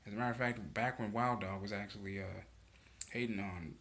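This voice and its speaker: Low-voiced man rambling through a recap. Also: fairly even intonation, brisk, fairly bright tone. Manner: rambling, heavy on "you know" fillers, profane slang. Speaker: show reaction vlogger. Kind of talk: casual episode recap.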